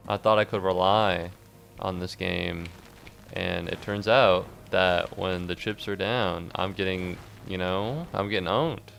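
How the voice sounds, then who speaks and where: A man giving rambling, jokey commentary while streaming a game, breaking into squeaky outbursts. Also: steady tone, a little slow, gravelly, fairly bright tone, soft background music. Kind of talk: casual gaming commentary.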